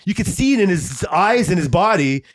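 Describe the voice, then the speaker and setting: A man's voice: high voice, lively intonation, moderate pace. Rambling, profane man recounting a story. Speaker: podcast co-host. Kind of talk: casual chat.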